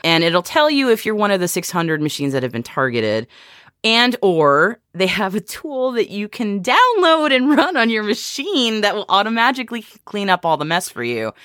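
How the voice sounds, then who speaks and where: Animated American woman, lively pitch. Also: normal speed, no echo, studio quality. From United States. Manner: animated, hedging with restarts and laughs. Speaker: podcast co-host. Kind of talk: casual tech chat.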